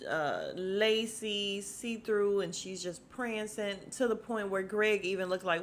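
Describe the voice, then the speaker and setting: Speaking slowly yet animatedly with few pauses, a young woman podcast host uses a medium-pitched voice to recap a reality TV episode. She's chatty and slangy, calls her audience "y'all," and the audio has slight hiss or hum.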